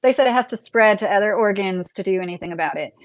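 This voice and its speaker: Woman host, casual rambling chat, mid pitch, dry close mic. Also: animated, fast talker, no room sound. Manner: chatty, rambling, frequent "like" fillers. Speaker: podcast host.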